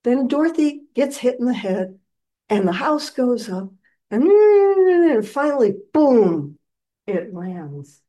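A woman giving a dharma talk as a meditation teacher, telling a story in an animated, gentle and reflective way. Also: mid-range voice, slow.

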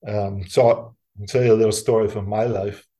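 Middle-aged male monk, lowish voice, relaxed self-mocking storyteller who laughs and mimics others. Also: normal speed. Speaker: Buddhist monk teacher. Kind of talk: dharma talk storytelling.

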